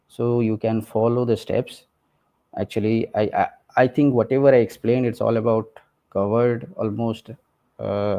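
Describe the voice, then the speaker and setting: Guy demoing software, mellow low-key voice, lots of uh and okay. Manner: conversational, many fillers and tag questions like "right?" and "okay". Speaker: presenter. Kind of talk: technical walkthrough of a screen demo.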